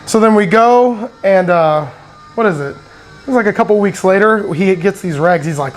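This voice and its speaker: A man's voice: fairly high pitch, a little fast, soft background music. A man telling a meandering personal story, swearing often, laughing a lot and getting worked up as he talks. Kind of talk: rambling personal anecdote.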